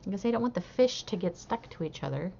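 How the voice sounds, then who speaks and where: A woman's voice: mid-range voice, animated, fast, vocal fry, warm tone. A tired young woman chatting casually on a live stream while she crochets, rambling and hesitant with many fillers. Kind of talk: casual chat while crafting. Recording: dull lo-fi stream audio with faint hiss.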